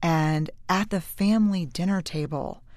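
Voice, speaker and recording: A woman in her forties, a researcher, telling a candid personal story in a talk, moving between brisk lines and slow, hushed phrases. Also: lowish voice, no echo, studio quality.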